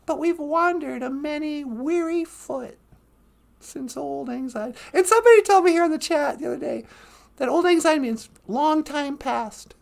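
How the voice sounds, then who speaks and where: A woman hosting a live-stream podcast in casual chat, laughing often and reading lines slowly and dreamily. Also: high voice, creaky. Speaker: podcast host.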